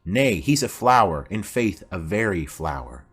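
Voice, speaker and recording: A man's voice: sits low, very animated, unhurried, husky, soft background music, full character voice. A man voicing a rambling old nurse. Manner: rambling, garrulous. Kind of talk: audiobook play reading.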